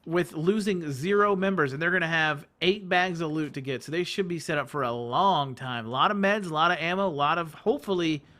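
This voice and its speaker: A man doing live play-by-play commentary on an esports match, rapid and excitable, often correcting himself. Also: on the high side. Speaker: esports caster.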